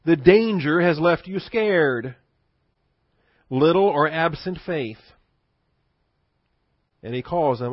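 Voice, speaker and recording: A man's voice: a little high, lively intonation, slow pace, long pauses, no room sound, muffled recording. A male pastor preaching a sermon in a conversational teaching manner, asking rhetorical questions and chuckling.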